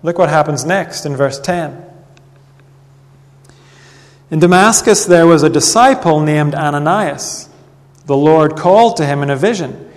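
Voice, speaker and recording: A man preaching a sermon in an earnest, measured way, reading Bible passages aloud. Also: a little high. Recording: long reverb of a hall.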